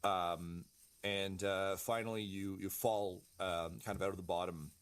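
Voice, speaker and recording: Deep-voiced, halting game master. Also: male voice, fairly even intonation, smooth. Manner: halting, full of ums and uhs, casual swearing. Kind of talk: narrating a tabletop game.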